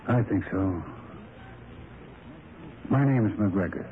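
An actor playing a strange, gloomy railway signalman, terse and flat-spoken, in an old radio drama. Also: low voice, slow pace, full character voice. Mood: terse, wary. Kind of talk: 1940s radio acting. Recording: tinny lo-fi old radio broadcast with faint hiss.

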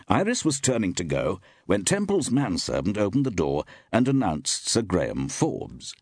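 A man narrating a story, reading with expressive, varied delivery. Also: low-pitched, normal speed, hardly any pauses, dry recording, studio quality. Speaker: audiobook narrator. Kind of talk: scripted narration.

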